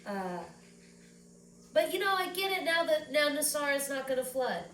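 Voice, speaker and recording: A woman's voice: high-pitched, sing-song, normal speed, a bit bright. A woman talking in a rambling, emotional personal vlog, at times close to tears. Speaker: vlogger. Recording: roomy echo, far from the mic, faint background noise.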